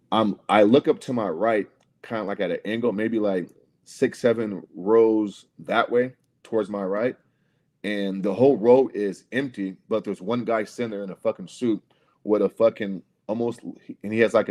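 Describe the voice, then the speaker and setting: A man's voice: fairly low pitch, normal speed, a little mellow. A man on a casual livestream telling a long, rambling story, swearing often and calling the listener "bro". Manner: profane, rambling, repeats "bro" and "right?". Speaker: podcast co-host telling a story.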